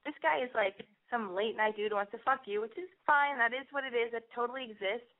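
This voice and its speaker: A woman's voice: fairly high pitch, fairly quick. A woman hosting a call-in advice show, tired and hungover, giving blunt advice with plenty of swearing. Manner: blunt, profane, direct advice. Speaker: radio call-in host. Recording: tinny phone-like sound.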